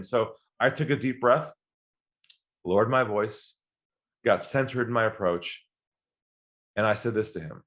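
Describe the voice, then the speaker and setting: A man's voice: mid-range voice, normal speed, a bit bright. A man guest on an interview podcast, teaching sales by telling stories and acting out both sides of phone calls. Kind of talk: storytelling interview talk.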